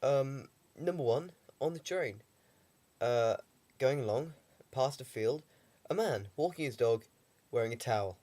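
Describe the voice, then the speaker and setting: A man's voice: medium pitch, expressive, unhurried, dark tone. Brief: young guy, stuffy with a cold, mid-range voice, dry rambling vlog humour. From England. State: has a heavy cold. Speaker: vlogger. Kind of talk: casual video diary.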